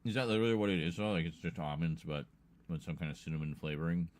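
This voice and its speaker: A man's voice: low voice, steady tone, fast, a little mellow. A man hosting a livestream in loose, rambling casual chat, often breaking into laughter. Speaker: livestream host.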